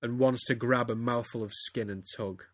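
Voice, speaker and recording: A man's voice: medium pitch, steady tone, moderate pace, fairly bright tone, no echo, studio quality. Man doing a comic dramatic reading. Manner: reads theatrically, breaks into laughter. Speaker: podcast host.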